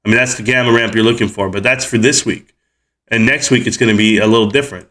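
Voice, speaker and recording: A man's voice: on the low side, steady tone, fast, fairly bright tone. Heated, cussing man in his forties. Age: 40s. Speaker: livestream host. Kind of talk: ranting livestream commentary.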